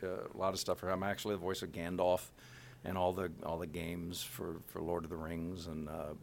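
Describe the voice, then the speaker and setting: Middle-aged man, a voice actor, with a lower, gravelly voice and lively delivery. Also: a little fast, slight background noise. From Kansas City, USA. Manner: animated, full of filler words. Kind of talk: casual interview talk.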